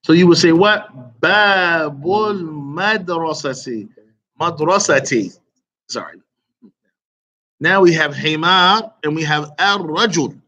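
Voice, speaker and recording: A man's voice: a little high, lively intonation, unhurried, long pauses, sharp tone, highs cut off. A man teaching an online Arabic grammar lesson, quizzing students and praising their answers with casual asides.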